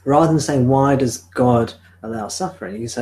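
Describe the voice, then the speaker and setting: Male spiritual teacher, calm and reflective, live-streamed home satsang, close sensitive desk mic. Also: mid-range voice, poor audio. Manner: calm, reflective, answers viewer questions slowly. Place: home room. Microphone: sensitive desk microphone.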